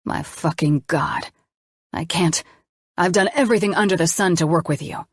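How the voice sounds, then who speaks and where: A woman's voice: lowish voice, normal speed, breathy edge, dry recording, clean studio sound. A woman voicing a young male doctor in an audiobook, defensive and swearing as he argues with his lover. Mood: heated. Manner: swearing, pleading.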